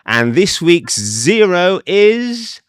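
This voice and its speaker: A man's voice: high-pitched, very animated, very slow, clear, resonant tone, no echo, clean studio sound. A man co-hosting a political chat show as a reporter, wry and joking, with hesitant fillers. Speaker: co-host, reporter.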